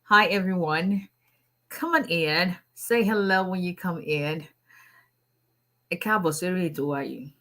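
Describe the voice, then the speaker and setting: A woman's voice: lowish voice, a little slow, long pauses, pushed and bright. A woman, an immigration attorney chatting casually on a livestream, greeting viewers and laughing often.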